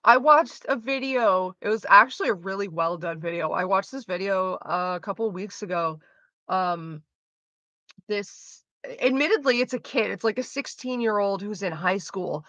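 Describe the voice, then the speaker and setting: A woman streamer in casual chat with her viewers, rambling fast and swearing freely. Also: medium pitch, a bit bright, no echo, lo-fi sound.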